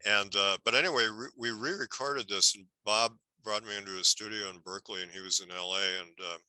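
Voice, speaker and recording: Older male guest, lowish voice, restarts and trails off while telling stories. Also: steady tone, fairly quick, pushed and bright, no echo, low-quality recording. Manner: rambling anecdotes with many restarts. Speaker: guest film historian. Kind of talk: casual interview storytelling.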